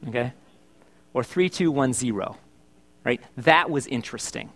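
A man's voice: medium pitch, a little slow, a bit bright. A middle-aged male pastor preaching a sermon in church, chatty and joking, asking his congregation questions. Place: church service.

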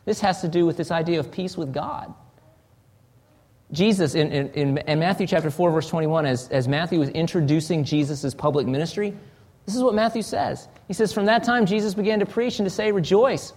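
A man preaching a sermon in an earnest, searching way, often restarting phrases and sinking to a soft, low voice. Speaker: pastor.

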